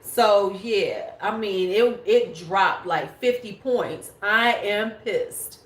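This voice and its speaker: A woman's voice: medium pitch, slow pace. Woman in her forties, beauty livestream host, casual blunt chat, swears a lot, echoey room. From United States. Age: 40s. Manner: blunt, swears freely, talks straight to chat viewers.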